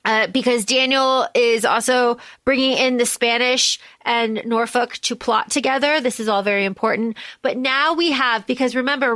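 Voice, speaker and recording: Brief: young woman co-host, higher voice, dry close sound, animated casual recap. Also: dry recording. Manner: animated, acts out scenes in quoted voices, swears casually. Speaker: podcast co-host. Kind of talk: casual movie recap chat.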